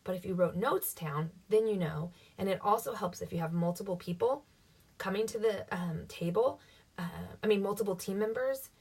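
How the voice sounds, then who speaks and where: A woman's voice: mid-range voice, normal speed, darkish tone, breathy edge. A woman coaching her sales team in a casual, upbeat teaching talk, often acting out what to say to customers. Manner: chatty, upbeat, acts out sample dialogue. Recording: voice somewhat distant from the mic.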